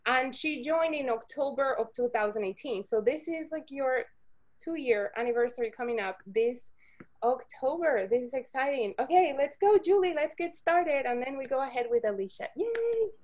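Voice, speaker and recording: A woman with a high voice hosts a team call over video. She talks in a bubbly, chatty way, laughing often and wandering into little stories. Her voice comes through a video call connection. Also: lively intonation, moderate pace, a little mellow. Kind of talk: casual video call chat.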